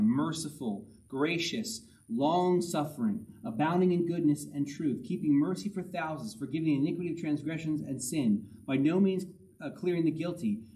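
Man, pastor, conversational sermon, emphatic repetition, somewhat high voice, distant mic. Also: a little mellow. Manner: conversational preaching, reads scripture aloud, emphatic repetition.

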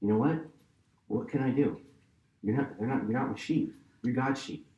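A man's voice: mid-range voice, normal speed, mellow, muffled recording. A man pastor preaching a sermon with emphatic, conversational delivery, repeating key phrases for weight. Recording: roomy echo.

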